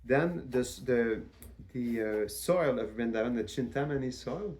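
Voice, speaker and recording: A man giving a devotional lecture as a spiritual teacher, in a measured, reverent way with frequent restarts. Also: mid-range voice, darkish tone.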